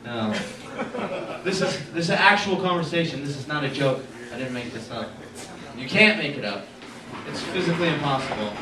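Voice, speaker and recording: A man's voice: on the high side, lively intonation, a little fast, pauses often. A young man doing a stand-up set at an open mic, rambling and self-deprecating, with lots of "anyways" and fillers. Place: small art gallery, indoors. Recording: echoey gallery room, far camera, audible room noise.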